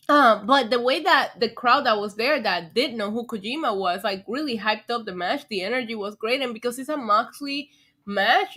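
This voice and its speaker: A young woman from New York with a New York accent, chatting excitedly on a live stream, swearing freely and laughing often. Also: on the high side. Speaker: streamer reviewing wrestling. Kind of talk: casual live-stream chat.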